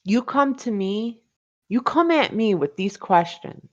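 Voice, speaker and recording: A woman's voice: medium pitch, lively intonation, measured pace, a little mellow, dull audio. A woman co-hosting a casual stream chat, playfully indignant and dramatic. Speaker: co-host.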